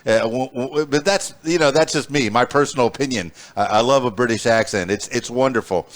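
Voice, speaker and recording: A man from Arkansas hosting a podcast, chatting playfully with frequent "uh" restarts. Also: medium pitch. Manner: halting, many "uh" restarts, playful. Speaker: podcast host. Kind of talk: casual interview chat.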